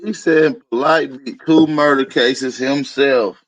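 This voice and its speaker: A man's voice: medium pitch, steady tone, slow, low-quality recording. A man reacting to a clip in a dismissive, scoffing tone. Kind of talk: reaction commentary.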